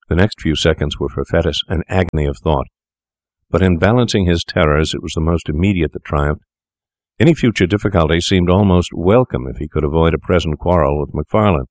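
A man narrating a story aloud in a measured, deliberate storytelling manner. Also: low voice, no room sound, clean studio sound. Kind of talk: scripted narration.

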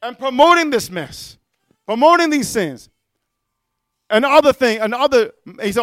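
A man's voice: extremely high pitch, animated, normal speed, pauses often, a bit bright, no room sound. A man preaching a fiery sermon, often asking "amen?" and mocking others in sing-song voices. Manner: fiery, calls out "amen?" to listeners.

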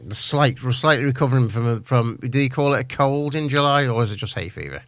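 A man co-presenting a community radio show in a studio, halting and hesitant as he goes through the paper's headlines. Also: mid-range voice, dry recording. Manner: hesitant, halting, many fillers. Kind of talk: casual radio chat, reading headlines.

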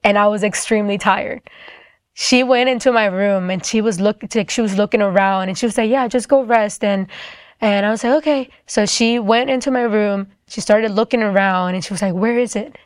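A woman's voice: medium pitch, fairly quick, no echo, studio quality. A young woman casually recounting a personal testimony, full of "like" fillers and quoted dialogue. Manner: casual, conversational, frequent "like" fillers.

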